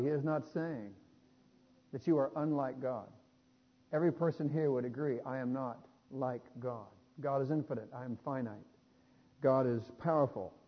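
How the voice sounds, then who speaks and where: A man preaching a sermon, building to louder emphatic points and adding small jokes. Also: mid-range voice, breathy edge. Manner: emphatic, rising loud on key points, with jokes. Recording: dull sound with long hall reverb.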